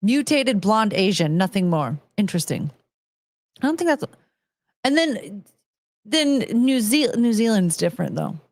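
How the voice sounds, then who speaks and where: A woman's voice: medium pitch, big pitch swings, unhurried, pauses often, darkish tone, dry recording, studio quality. A woman streamer chatting casually and reading viewer messages aloud, rambling and laughing at herself often. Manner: rambling, giggly, self-mocking. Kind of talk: casual live-stream chat.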